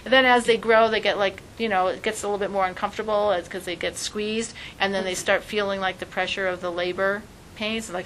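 Woman religious teacher, mid-pitched voice, animated storytelling delivery, faint noise behind. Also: fast talker, low-quality recording. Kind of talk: spiritual talk.

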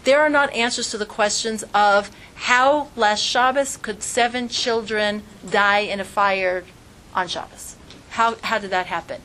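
A woman's voice: mid-range voice, a little slow, pushed and bright, a little hiss or hum. A woman teaching an informal religious class, earnest and conversational, with strings of rhetorical questions. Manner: conversational, frequent fillers like "like".

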